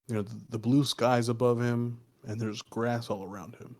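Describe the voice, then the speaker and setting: A man's voice: mid-range voice, little pitch movement, normal speed, darkish tone. Podcast guy rambling through a spooky story, swears a lot, lots of um and you know. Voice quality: loose, profane, rambling with many fillers. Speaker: podcast co-host. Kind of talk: casual storytelling.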